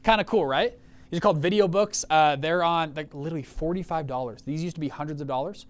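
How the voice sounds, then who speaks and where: A young man hosting a casual live webinar over a video call, telling stories with lots of restarts and quick check-ins with his viewers. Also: fairly high pitch. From Utah. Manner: animated, storytelling with many restarts and check-ins. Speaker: fund manager and webinar host.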